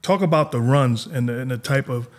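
Guy hosting a talk show, mid-pitched voice, quick encouraging chimes. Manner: brief encouraging interjections. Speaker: host. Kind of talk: podcast interview.

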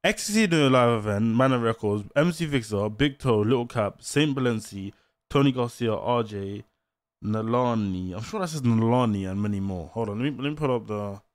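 Lad on stream, dry close mic, keeps mumbling to himself, hyped. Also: male voice, medium pitch, fairly quick, no room sound. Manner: excited, repeats slang, trails off to mumbles. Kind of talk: casual live-stream reaction.

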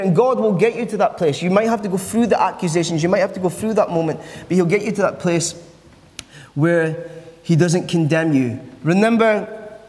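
With a high, slightly mellow voice, the pastor preaches earnestly and repeats phrases to drive his points home. A long church reverb fills the recording.

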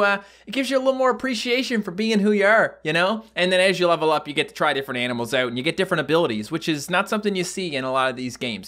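Animated young man doing game commentary. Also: high voice. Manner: animated, yelps and laughs at sudden attacks. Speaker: gaming YouTuber. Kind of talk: casual let's-play commentary.

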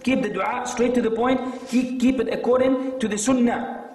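A man giving a religious lecture, animated and exhorting, often quoting Arabic texts. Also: very high voice, moderate pace. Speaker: Islamic lecturer. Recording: echoey hall, from far off.

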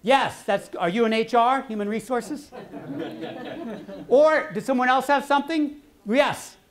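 Slow, playful woman teaching a workshop. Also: a little high. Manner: playful, jokey examples. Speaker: workshop instructor. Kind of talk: classroom lecture with audience questions.

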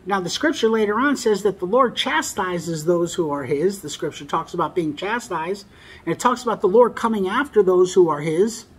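A man's voice: high-pitched, normal speed, breathy edge. A man preaching a sermon, reading scripture aloud and stressing key phrases by repeating them.

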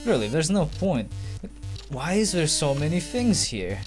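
Guy doing snarky lets play commentary, kinda high voice, faint game music under it. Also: big pitch swings, measured pace. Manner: sarcastic, swearing, mocking the game's text.

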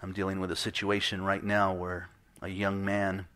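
A man's voice: low voice, monotone, moderate pace, fairly bright tone. A middle-aged man preaching a sermon in a conversational way, acting out the voices he quotes. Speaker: pastor.

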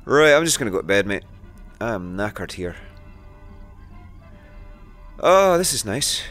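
A man's voice: fairly low pitch, sing-song, a little slow, a bit bright, faint music behind. A man giving let's play commentary on a horror game, jumpy and swearing as he talks to himself. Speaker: gamer.

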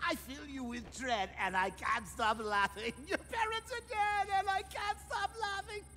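A man's voice: very high-pitched, steady tone, unhurried, bright, forceful tone, long reverb tail, soft background music, full character voice. An actor playing a gleeful, murderous male clown villain in a video game, singing a taunting song and cackling between lines. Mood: taunting, manic.

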